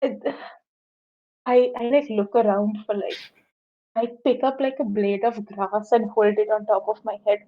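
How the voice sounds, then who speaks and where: A woman's voice: medium pitch, fairly even intonation, unhurried. A woman playing a tabletop game, chattily describing what her character does. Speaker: player. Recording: slightly muffled lo-fi mic.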